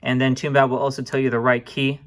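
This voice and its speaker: A young man casually walking viewers through music production software, relaxed and informal, often calling them guys and apologizing for small slips. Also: mid-range voice, fast talker. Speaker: music production tutorial host. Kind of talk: casual screen-recorded tutorial.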